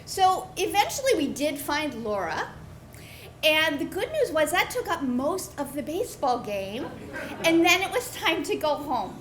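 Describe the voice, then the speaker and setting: A woman telling an improvised true story on a pub stage, animated and acting out the voices of the people in it. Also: high voice, unhurried, background noise. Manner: animated, acts out quoted voices. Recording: echoey live room.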